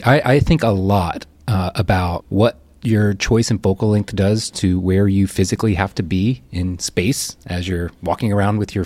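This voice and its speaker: A man's voice: lowish voice, a little mellow, dry recording. A man co-hosting a podcast in casual chat, thinking aloud with fillers into a close mic. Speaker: podcast co-host.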